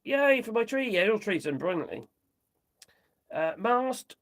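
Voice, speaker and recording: A host chats loosely on a livestream, reacting to viewers, rambling, giggling and muttering while reading off a phone. The voice is medium-pitched, sing-song and unhurried.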